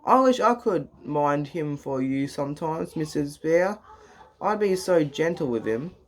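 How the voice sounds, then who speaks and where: A soft, eager wallaby, read by a man. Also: on the high side, lively intonation, measured pace. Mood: pleading. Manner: soft, pleading. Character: gentle, eager female wallaby.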